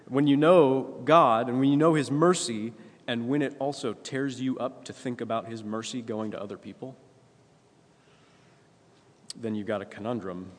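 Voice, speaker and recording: A man preaching a sermon in a conversational way, often asking "right?" and clearing his throat. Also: fairly low pitch. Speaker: pastor. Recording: long hall reverb.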